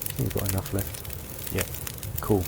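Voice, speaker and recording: A man giving relaxed let's-play commentary, thinking aloud as he sorts through supplies and plans his next move. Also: deep voice, moderate pace, creaky, noisy background. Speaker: gameplay commentator.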